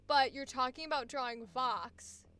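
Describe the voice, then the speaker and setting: Her voice sits high and comes across bright and forceful, a little slow. She's a voice actor streaming a coaching session, casually chatting with plenty of swearing and easy laughter, faint music playing in the background.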